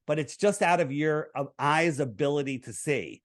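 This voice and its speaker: Man lecturing earnestly, fairly high voice. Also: normal speed. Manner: earnest, lecturing, walks through numbers step by step. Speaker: interview guest. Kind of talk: explanatory interview talk.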